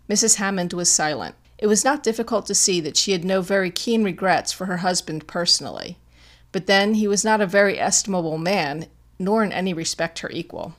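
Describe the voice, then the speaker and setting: A woman reads a classic detective story aloud as an audiobook narrator. Her pitch sits a little low, and her delivery is measured and expressive.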